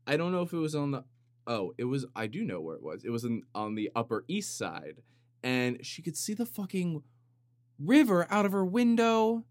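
A man talks into a compressed studio microphone in a small, dry room, hosting his own podcast. His voice sits at a medium pitch, and he rambles through a comic monologue, cutting himself off and stretching moments for mock drama. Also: sing-song, brisk, no echo. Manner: rambling, self-interrupting, jokey and dramatic. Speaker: podcast host. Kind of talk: casual comedic monologue.

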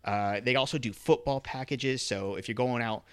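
A man co-hosting a fantasy football podcast chats casually at a moderate pace, his mid-range voice clear and resonant on a dry recording. He's relaxed and conversational, and his ad read is packed with fillers.

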